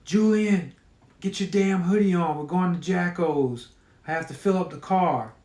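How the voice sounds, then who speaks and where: A man voicing a foul-mouthed, impatient mother who yells and curses. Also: on the high side, a little slow, lightly acted. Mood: yelling. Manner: yelling, cursing, bossy. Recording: roomy echo.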